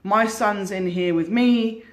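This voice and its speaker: A woman's voice: mid-range voice, takes it slowly, natural voice. A woman voicing a frightened father who firmly refuses to open the door. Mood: fearful. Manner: firm, fearful.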